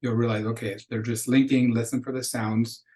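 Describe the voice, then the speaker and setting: A man's voice: mid-range voice, level tone, a little mellow. Patient man teaching Spanish pronunciation. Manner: explains patiently, slows down to model pronunciation. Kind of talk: recorded lecture.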